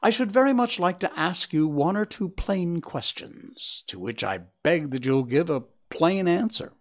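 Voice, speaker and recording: Guy doing anxious victorian wife, pleading, lively up-and-down voice. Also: fairly high pitch, measured pace, voice pushed up. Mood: earnest. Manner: pleading, pressing for plain answers. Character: Victorian woman, anxious wife, earnest and insistent.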